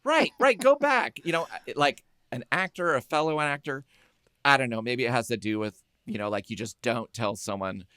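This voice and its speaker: Brief: a man hosting a podcast, casual film chat, animated storyteller, dry close sound. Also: mid-range voice, normal speed, clear, resonant tone, no echo. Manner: animated storyteller who acts out quotes.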